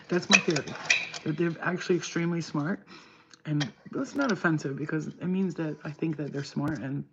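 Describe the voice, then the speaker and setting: A woman's voice: deep voice, slight background noise. New woman streamer, chatty, profane, giggly; dull lo-fi mic. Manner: laughing often, swearing, rambling. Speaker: livestreamer. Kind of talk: casual live stream chat.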